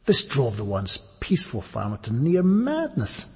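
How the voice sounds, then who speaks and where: Narrator, male, very breathy husky voice, measured fable telling, long hall reverb. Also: mid-range voice, huge pitch swings, darkish tone. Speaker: storyteller.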